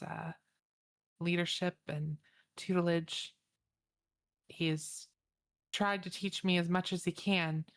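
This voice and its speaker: A composed young Jedi apprentice answers her elders formally and with restraint, played by a woman. The voice sits low and flat, with slow, deliberate phrasing.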